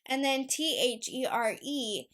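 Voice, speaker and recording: Bright, slow-talking young woman podcaster. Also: sits high. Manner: chatty, animated, talks to her dog in a soft baby voice. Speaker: podcast host. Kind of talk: casual solo podcast rant.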